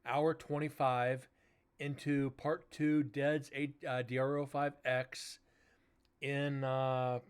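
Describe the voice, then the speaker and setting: A man's voice: mid-range voice, flat delivery, slow, clear, resonant tone. A tired man hosting a livestream, chatting casually to viewers and retelling a work dispute with filler words and swearing. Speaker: livestream host. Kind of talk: casual chat to stream viewers.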